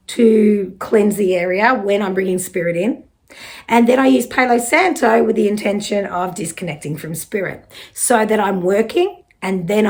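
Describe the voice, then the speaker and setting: Middle-aged aussie woman doing a chatty psychic card reading, reassuring, swears a bit, mid pitch. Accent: Australian. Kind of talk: casual spiritual card reading.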